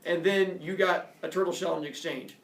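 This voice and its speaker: A male teacher voicing the king of the gods in a retold myth, animated and incredulous, recorded from afar in a classroom. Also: high voice, moderate pace, far from the mic, a little hiss or hum. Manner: animated storyteller voicing dialogue. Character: booming king god, curious and incredulous. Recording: roomy classroom heard from afar.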